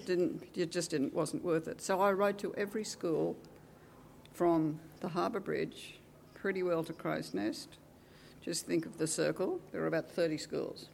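Older Australian woman, gravelly storyteller. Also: lowish voice, a little slow, a little hiss or hum. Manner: lively storyteller, acting out dialogue with wry asides. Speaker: retired teacher. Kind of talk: oral history reminiscence.

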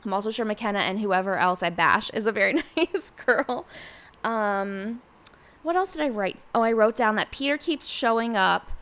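A woman's voice: medium pitch, animated, normal speed, a bit bright. Chatty young woman podcast host. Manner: chatty, lots of "like" fillers, acts out quotes. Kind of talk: casual solo podcast recap.

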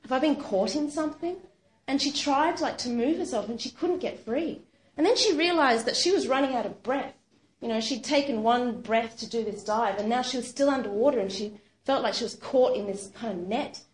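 A woman retelling a true story aloud, animated and casual, with lots of "sort of" and "like". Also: a little high, brisk. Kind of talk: spoken storytelling. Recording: roomy echo.

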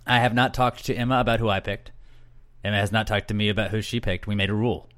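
A man's voice: lowish voice, fairly even intonation, fast, fairly bright tone. A young man co-hosting a casual podcast, joking and rambling, often correcting himself mid-sentence. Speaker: podcast co-host.

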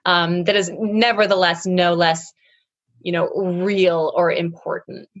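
A woman hosting a podcast interview, friendly and animated, laughing along with her guest. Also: fairly low pitch, slow, dull audio. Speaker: podcast host. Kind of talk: casual interview chat.

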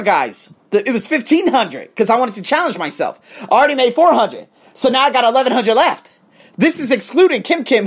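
This English tutor, a man with a high-pitched, husky voice, shares a laid-back motivational story. He animatedly acts out both people in every exchange and curses without holding back.

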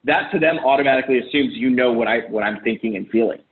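Over tinny, phone-like call audio with slight hiss or hum, a man gives casual relationship advice at a quick pace. His voice is mid-range, and he's blunt and foul-mouthed, frequently imitating the people he quotes.

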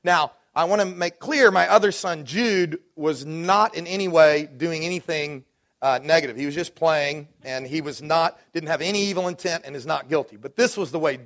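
A man in his forties preaching with fervor in a high, ringing voice. He builds to loud declarations and then drops into easygoing, chatty stories about his own life. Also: normal speed. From Dallas, Texas. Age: 40s. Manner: preaching with rising fervor and warm asides. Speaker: pastor. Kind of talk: sermon.

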